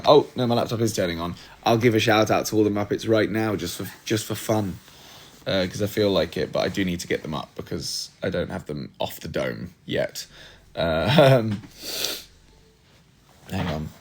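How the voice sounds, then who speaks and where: Low-voiced man chatting on a livestream. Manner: scattered, chatty, self-deprecating, talks while multitasking. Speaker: podcast host on a livestream. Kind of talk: casual livestream chat. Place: room at home.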